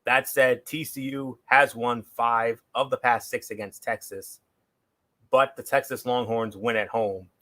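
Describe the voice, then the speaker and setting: A man hosting a casual football picks show, giving a plain, steady rundown of each game with a few fillers. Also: mid-range voice. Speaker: show host. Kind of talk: casual sports picks chat.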